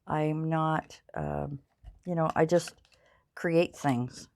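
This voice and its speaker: Crafting on her channel, an older woman chats in a rambling, self-deprecating way full of fillers. Her low, gravelly, darkish voice keeps a fairly even intonation and draws out her words.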